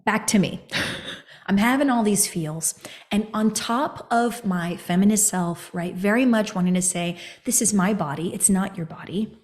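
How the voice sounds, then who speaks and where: A woman from the United States hosting a podcast, telling a personal story in an expressive coaching manner, sometimes whispering or singing a phrase for emphasis. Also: medium pitch, normal speed. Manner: expressive, animated, often drops into a whisper or a sung phrase for emphasis. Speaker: podcast host.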